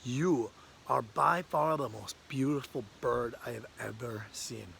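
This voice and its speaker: A man voicing a humble, wide-eyed crow that gets excited and awestruck easily. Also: mid-range voice, measured pace, gravelly, slight background noise. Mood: awed.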